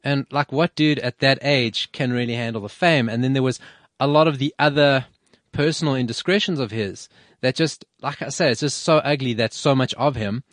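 A man hosts a radio show in loose, casual chat. His voice sits at an ordinary pitch, and he wanders through his points with frequent restarts. The sound is close and dry. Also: normal speed, fairly bright tone, no echo. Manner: rambling, with many restarts and fillers.

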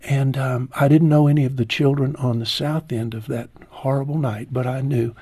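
A man in his sixties, a guest in an interview, telling a heartfelt personal story slowly, his voice falling low and soft at painful moments. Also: fairly even intonation, breathy edge, dry recording.

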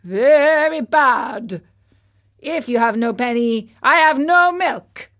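A woman reading aloud and voicing a firm, businesslike older male farmer who speaks slowly. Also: high voice, animated, a bit bright, full character voice. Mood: stern. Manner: slow, firm, bargaining.

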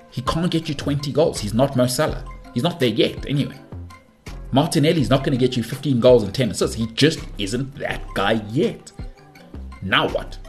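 Brash man ranting on a podcast. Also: medium pitch. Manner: brash, animated, rambling with asides. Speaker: podcast host. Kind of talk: opinionated football podcast monologue.

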